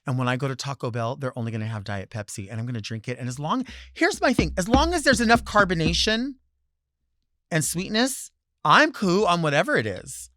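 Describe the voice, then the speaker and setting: A man hosting a talk show, delivering a sassy, theatrical solo monologue with loud bursts and low asides. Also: very animated, brisk, no echo, clean studio sound. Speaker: host.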